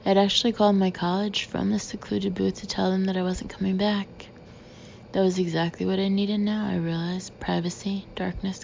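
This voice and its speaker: Woman narrator, first-person audiobook, flat low delivery, gravelly. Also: lo-fi sound, a little hiss or hum.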